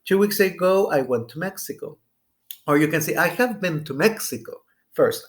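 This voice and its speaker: An American man walks through grammar points as an English teacher. His voice sits a bit higher than most men's, and he keeps asking "okay?" as he goes. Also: lively intonation, moderate pace. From United States. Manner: explanatory, checks in with "okay?". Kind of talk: recorded grammar lesson.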